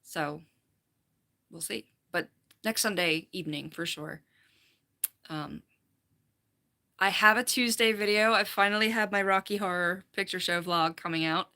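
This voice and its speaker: Speaking slowly with long pauses, this falconer has a lowish, gravelly voice that's pushed and bright, worn down with a little vocal fry. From home on a computer mic, she giggles, rambles and reads viewers' chat messages aloud during her casual stream.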